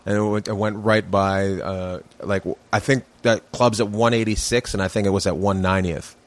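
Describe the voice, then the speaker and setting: A man who is a comedian guest on a podcast, talking in a laid-back, halting way in casual chat. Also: on the low side, fairly even intonation. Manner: laid-back, hesitant with fillers. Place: home man cave.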